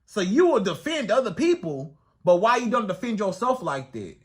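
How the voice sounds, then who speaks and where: A dating coach with a high-pitched, very animated voice gives dating advice straight to camera at a normal speed. His monologue is emphatic and repetitive, and he acts out the voices of women he quotes.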